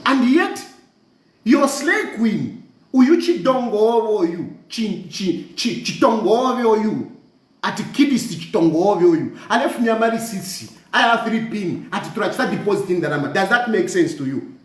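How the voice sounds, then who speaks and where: In a reverberant space, a commentator with a Zambian accent speaks in a high, expressive voice at a moderate pace. It's an impassioned social media rant full of mockery, repetition, language-switching and derisive laughs.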